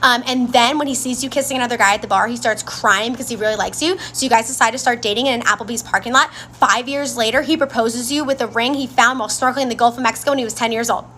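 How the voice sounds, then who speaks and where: A woman's voice: on the high side, quick pace, few pauses, pushed and bright, a little hiss or hum. A young woman breezily telling a second-person story. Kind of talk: casual storytime monologue.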